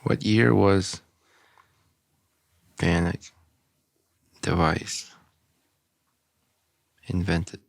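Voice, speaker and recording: A man with a lowish voice co-hosts a casual podcast in a laid-back, dry way. He mostly answers in short lines. The recording is close and dry. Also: very slow, creaky, long pauses, dry recording. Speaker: podcast co-host. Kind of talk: casual banter.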